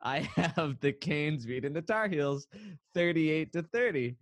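A man's voice: fairly high pitch, animated, unhurried, no echo. Playful, laughing podcast co-host man. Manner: playful, laughs often, rambling asides. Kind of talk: casual chat.

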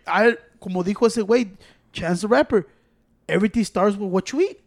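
Guy, high-pitched and fast, swearing casual chat, flips into Spanish. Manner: profane, switches between English and Spanish mid-sentence.

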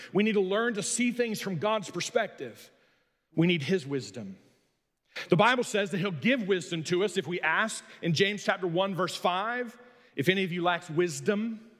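A man preaching a sermon as pastor, swinging between loud emphasis and quiet asides. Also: fairly high pitch, big-room sound.

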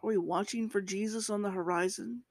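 A woman preacher delivers a relaxed, conversational sermon at a middling pitch, rising in emphasis at key points. The recording is close and dry, with no room sound. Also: brisk, no room sound. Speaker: preacher, podcast host.

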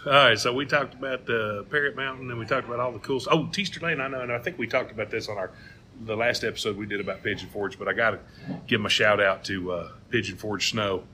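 Bright-voiced folksy man. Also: lowish voice, fast talker, a little hiss or hum. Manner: animated, folksy joke teller. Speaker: co-host. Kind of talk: casual chat.

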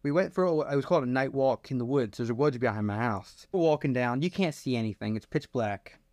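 A man's voice: medium pitch, fairly quick, darkish tone, dry recording, studio quality. A young man co-hosting a podcast, telling stories in a laid-back way with light chuckles. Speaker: podcast co-host. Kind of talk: casual storytelling chat.

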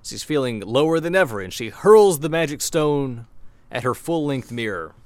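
A man co-hosting a podcast, a little drunk, recapping a TV episode in an animated way and laughing mid-sentence. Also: medium pitch, moderate pace, no echo. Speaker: podcast co-host.

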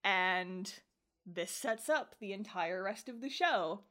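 A woman's voice: medium pitch, animated, slow pace, bright, forceful tone. A woman co-hosting a podcast, casually recapping an anime episode, laughing often and swearing as she acts out the characters' lines. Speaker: podcast co-host.

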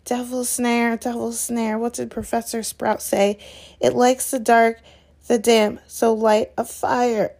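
An earnest young boy wizard speaks in urgent, breathless bursts, as a woman reading aloud puts him on. His voice sits a little above a plain reading voice and carries a storybook reader's warmth. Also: fairly high pitch, flat delivery, measured pace, creaky, few pauses. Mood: panicked.

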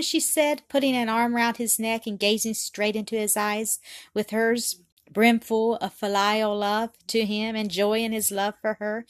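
Woman calmly reading an audiobook. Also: on the high side, moderate pace, no room sound, clean studio sound. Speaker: audiobook reader. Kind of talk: scripted narration.

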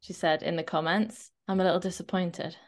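A woman fitness coach co-hosting a podcast, chatting casually and often checking in with a quick "right?". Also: on the low side. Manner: chatty, animated, often tags a questioning "right?".

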